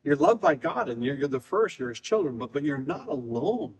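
A man's voice: mid-range voice, big pitch swings, low-quality recording. Man preaching an emphatic sermon. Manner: emphatic preaching, speeding up and slowing down, repeating phrases. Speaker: pastor.

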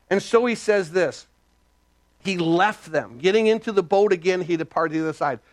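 A male pastor preaching an animated sermon, his voice jumping up and dropping low, with frequent restarts and repeated words. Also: moderate pace, no room sound.

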